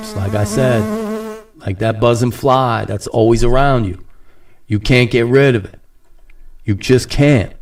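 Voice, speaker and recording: A man in the middle of a loose podcast rant, sarcastic and rambling, with a voice of ordinary pitch for a man. He mimics other people mockingly and breaks into laughter now and then. He sits a little back from the mic. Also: darkish tone, distant mic. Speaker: podcast host. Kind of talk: casual ranting monologue.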